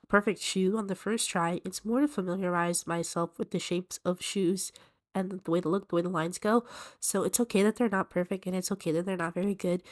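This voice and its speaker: A woman with a stuffy voice from allergies, chatting casually and self-deprecatingly in an art vlog as she draws. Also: on the low side. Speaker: art vlogger. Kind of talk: casual chat while drawing.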